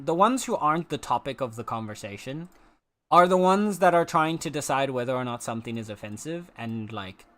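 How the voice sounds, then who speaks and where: A man's voice: medium pitch, a bit bright, slight background noise. A man with a South African accent chatting casually as a streamer while he plays, rambling through his points with lots of filler words and restarts. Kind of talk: casual opinion chat while gaming.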